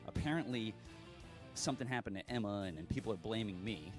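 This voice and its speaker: A man's voice: lowish voice, expressive, quick pace, over music. A man cutting a smug, dismissive trash-talk promo against his opponent. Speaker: competitor.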